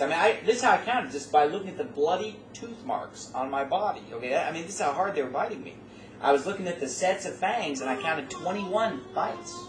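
A man telling a personal story in a loose, animated way, often restarting and correcting himself mid-sentence. His voice sits back from the microphone in a room with a noticeable echo. A faint background hum runs under his speech. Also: fairly high pitch. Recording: roomy, distant mic, faint background noise.

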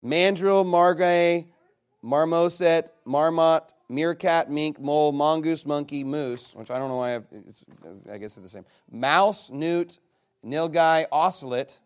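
A man with a slightly raised pitch runs a casual guessing game with a live audience. He rattles through a long list and keeps cutting in with quick, jokey comments. His tone stays loose and conversational. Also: smooth. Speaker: game leader reading out his list to players.

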